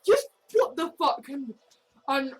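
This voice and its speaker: Woman ranting, high voice, slow drawn-out delivery, lots of swearing. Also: sing-song. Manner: sweary, rants, acts out quoted reactions. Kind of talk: casual monologue.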